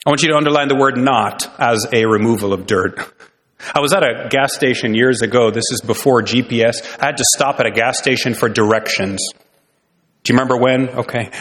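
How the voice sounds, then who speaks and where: A man's voice: mid-range voice, fairly bright tone. A man preaching a sermon as pastor, earnest, with many rhetorical questions. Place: church sanctuary. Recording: long reverb in a church hall.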